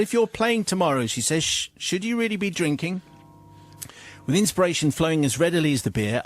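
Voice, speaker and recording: A male radio host reads a listener's confession letter aloud with amusement, his voice slightly higher than most men's. Faint music runs under his reading. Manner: amused, breaks into laughter while reading.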